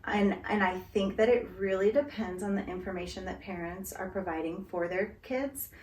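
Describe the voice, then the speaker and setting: A woman in a calm, explanatory conversation about parenting, now and then slipping into the words a parent would say to a child. Her voice sits at an ordinary middle pitch. The room around her is echoey. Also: normal speed, a little hiss or hum. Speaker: guest speaker on parenting. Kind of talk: casual conversation.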